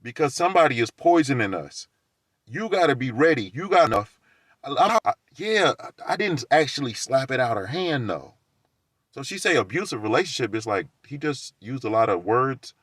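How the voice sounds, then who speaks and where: A man's voice: medium pitch, big pitch swings, moderate pace, a bit bright, no echo, clean studio sound. A man telling a rambling story in a casual monologue, laughing between lines and acting out the quoted exchanges.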